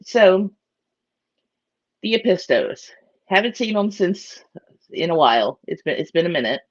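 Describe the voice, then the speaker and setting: A woman's voice: fairly low pitch, sing-song, a little slow, no echo, highs cut off. A chatty woman hosts a casual morning live stream and greets her viewers by name. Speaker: aquarium live-stream host.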